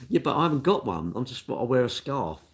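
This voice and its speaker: Answering viewer questions, an older cake shop worker chats casually in a mid-range voice that's very animated and moves at normal speed. His rambling is matey and self-deprecating.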